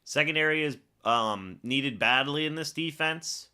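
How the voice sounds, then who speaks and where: A man's voice: mid-range voice, lively intonation, unhurried, few pauses, pushed and bright, clean tone. A man hosting a live fan reaction stream, calling each play like a broadcaster and chatting to viewers between snaps. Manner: calls plays like a broadcaster, then chats with viewers.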